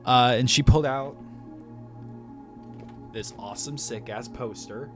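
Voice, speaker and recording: A man's voice: medium pitch, unhurried, long pauses, over music. A man casually telling a story about his day at the movies, rambling with frequent restarts and self-corrections, laughing at himself. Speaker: movie reviewer.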